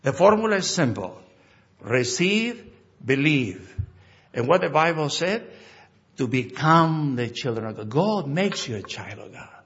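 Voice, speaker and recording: Male pastor, emphatic sermon delivery, fairly high voice, dull lo-fi recording. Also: unhurried. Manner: animated, emphatic, acts out dialogues.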